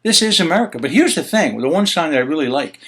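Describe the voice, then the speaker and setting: A man in full rant mode as host of his own commentary show, pitched a little above the usual male range. He sounds exasperated and indignant, firing off rhetorical questions and the odd curse. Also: very animated, fast talker, fairly bright tone, breathy edge. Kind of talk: heated opinion commentary.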